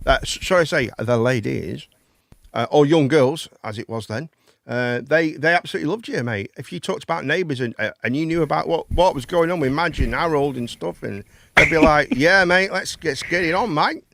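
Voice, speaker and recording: A man's voice: a little high, fairly quick, vocal fry, a bit bright, dry recording. A man, hosting a live chat and phone-in show, rambling and swearing casually. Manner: rambling, chatty, swears casually, calls people mate.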